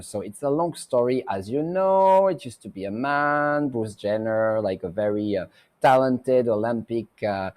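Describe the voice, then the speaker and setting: A man's voice: mid-range voice, dark tone. A man hosting a psychic talk show, chatting loosely through a tarot reading with many fillers and restarts. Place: Mexico.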